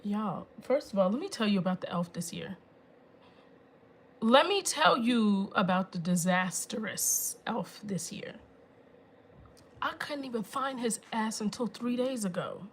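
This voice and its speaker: A woman in her thirties hosting a phone livestream, telling a story to her viewers in an exasperated, animated way with emphatic asides. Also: mid-range voice, measured pace, a little hiss or hum. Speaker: livestream host.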